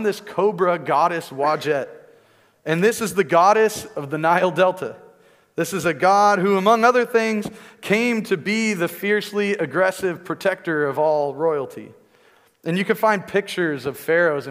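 A man's voice: fairly high pitch, a bit bright. A male preacher giving a conversational teaching sermon, often checking in with "right?" asides. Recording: long reverb in a large hall.

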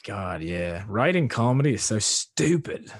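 A man's voice: lowish voice, sing-song, measured pace, slightly rough, no echo, clean studio sound. A man hosting a podcast, chatting casually, rambling and swearing with lots of filler words. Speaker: podcast host.

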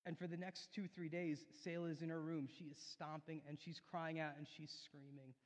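A man preaching a sermon in a church, telling a personal story earnestly, rising loud and then dropping soft. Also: a little high, level tone, brisk. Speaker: pastor. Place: church sanctuary. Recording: long hall reverb.

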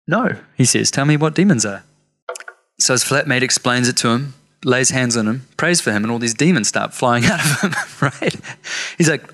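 A man's voice: mid-range voice, expressive, moderate pace, pauses often, fairly bright tone. A man preaching a sermon through personal stories, acting out the voices of people he quotes, with self-mocking asides. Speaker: pastor. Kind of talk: storytelling sermon.

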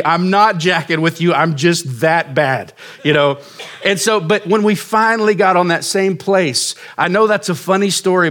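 A man's voice: fairly high pitch, fairly bright tone. A man in his forties preaching a sermon as pastor, telling a story casually and making fun of himself. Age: 40s. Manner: casual, self-mocking storytelling.

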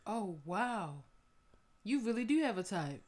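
A young woman co-hosting a podcast, teasing her co-host with quick interjections and laughs. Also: mid-range voice, very animated, a crowd in the background. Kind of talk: casual chat, teasing reactions.

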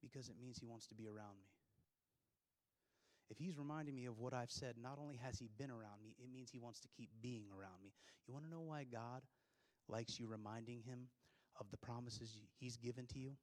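A male pastor preaches to his congregation in a brisk, mid-range voice with a darkish tone. His delivery is emphatic, driving points home with rhetorical questions and dropping into plain, conversational asides.

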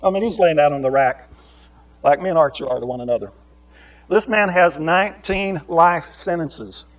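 A man teaching a Bible lesson in sermon style, swinging between raised, emphatic preaching and quiet asides, with many rhetorical questions to his listeners. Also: on the high side, animated, normal speed, poor audio.

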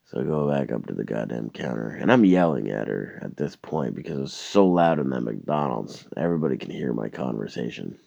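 A man's voice: a bass voice, animated, brisk, gravelly, few pauses, darkish tone, dry recording. A man telling a profane, exasperated story and mimicking the people in it. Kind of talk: profane ranting anecdote. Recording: dry, slightly dull recording.

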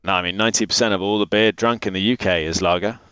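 A brewer talks through a long story, his voice very deep and recorded close and dry. He keeps restarting his sentences as he goes, animated and chatty. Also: fast, smooth, no room sound, poor audio. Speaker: brewery founder. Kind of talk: casual interview talk.

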